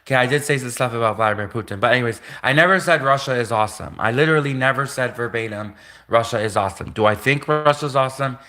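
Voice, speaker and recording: A man's voice: medium pitch, quick pace, few pauses, pushed and bright. A man live-streaming a casual, rambling monologue, repeating himself and laughing at his own jokes.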